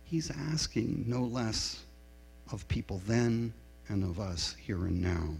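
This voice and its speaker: In a church sanctuary, a middle-aged man gives a sermon at a slow, deliberate pace, his husky, gravelly voice animated and a little mellow. His storytelling is candid, confessional and self-mocking, with long reverb and a low mains hum under it.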